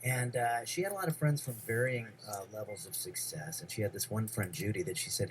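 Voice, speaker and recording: A man from New York telling a long personal story, rambling and halting with many fillers. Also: on the low side, music in the background. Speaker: comedian guest. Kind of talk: storytelling anecdote.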